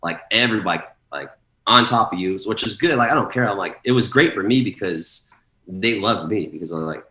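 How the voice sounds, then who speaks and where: Bright-voiced man with a low pitch. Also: fairly quick, reverberant, rough recording. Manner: storytelling with swearing, acts out quoted people. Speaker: guest DJ. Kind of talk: casual podcast chat.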